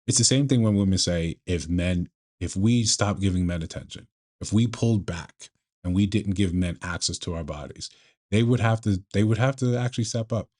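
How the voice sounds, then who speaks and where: A man commenting on a video clip in a measured, lecturing way, often restarting his sentences. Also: deep voice, a little mellow. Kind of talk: casual commentary.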